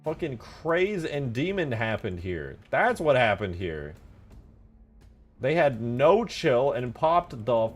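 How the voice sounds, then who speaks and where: A man live-streaming casual chat, excitable and foul-mouthed, yelling thanks to his chat and then mumbling asides. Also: medium pitch, slow pace, soft background music. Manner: excitable, swears a lot, yells thanks to chat; swings between mumbling asides and loud outbursts. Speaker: livestreamer and game modder.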